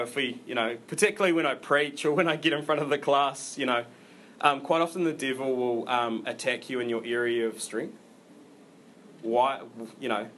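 A man preaching a sermon in a relaxed, conversational way, full of fillers and restarts. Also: mid-range voice, slight background noise. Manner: informal, rambling delivery with many fillers and restarts.

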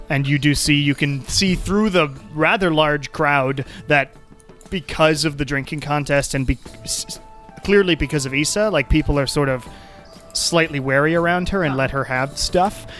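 Brief: male game master, fairly high voice, halting narration, soft music behind. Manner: hesitant, full of ums and restarts.

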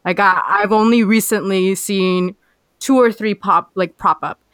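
A young woman hosts a podcast with bubbly, casual energy, saying "like" again and again. Her voice is smooth and clear. It is recorded dry and close, with no room sound. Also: mid-range voice, steady tone, unhurried, a bit bright, dry recording. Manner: bubbly, heavy use of "like". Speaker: podcast host.

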